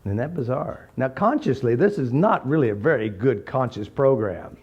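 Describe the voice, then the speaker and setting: A man giving an informal, blunt teaching talk full of jokes and animated stories. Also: mid-range voice, moderate pace, slightly rough. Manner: blunt, joking, animated storytelling. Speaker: therapy method teacher. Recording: slightly dull recording.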